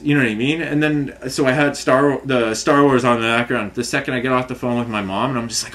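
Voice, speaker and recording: A man's voice: medium pitch, steady tone, fast, few pauses, a bit bright. Man, vlog rant, agitated, rambling, frequent fillers. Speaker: vlogger. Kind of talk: frustrated rambling rant to camera.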